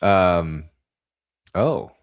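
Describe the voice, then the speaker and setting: A man's voice: deep voice, animated, very slow, highs cut off. A man hosting an interview podcast, asking hesitant questions and giving short, encouraging replies. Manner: brief supportive backchannels, hesitant questions. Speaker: podcast host. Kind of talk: casual interview.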